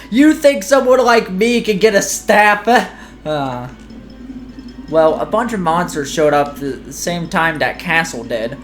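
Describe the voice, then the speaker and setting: A woman voicing a gruff, pushy older male mushroom foreman from a video game, with a folksy drawl and a put-on accent, reading the game's lines aloud. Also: lowish voice, expressive, slow pace, faint music behind, pitched above the performer's own voice. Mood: bossy. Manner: folksy drawl, clipped slangy grammar; put-on accent she calls terrible.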